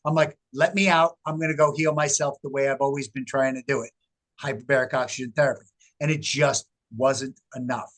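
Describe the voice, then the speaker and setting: A middle-aged man, a researcher, telling his story in an interview with animated, emphatic delivery. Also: mid-range voice, brisk. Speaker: guest, researcher. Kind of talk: casual interview talk.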